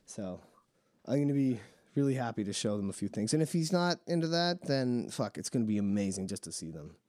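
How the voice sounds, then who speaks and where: Mellow-voiced man hosting a crude podcast. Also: mid-range voice, a little fast, no room sound, clean studio sound. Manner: crude, laughing, frank and excited. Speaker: podcast host. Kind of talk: casual chat.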